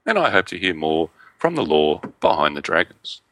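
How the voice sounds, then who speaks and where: A man with a very low voice and a bright, forceful edge co-hosts a casual podcast. He makes short dry remarks and reads listener emails aloud. The sound is dry and close. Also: big pitch swings, moderate pace, no echo. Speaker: podcast co-host. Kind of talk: casual chat.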